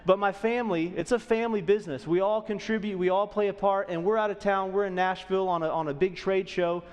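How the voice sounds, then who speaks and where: A man's voice: high-pitched, fairly even intonation, quick pace, big-room sound. A man in his thirties preaching a sermon as a pastor, conversational and often checking in with the audience. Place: church auditorium.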